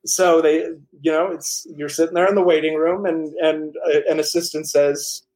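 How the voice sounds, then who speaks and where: Guy author rambling thru stories, kinda high voice, lots of restarts. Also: moderate pace, rough recording. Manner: animated anecdotes with many restarts and filler. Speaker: author and guest. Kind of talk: casual storytelling interview.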